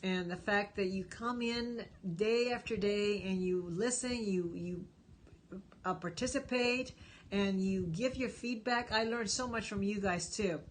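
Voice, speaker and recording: A woman's voice: medium pitch, measured pace, slight background noise. A woman therapist hosting a casual live stream, greeting viewers by name with lots of fillers.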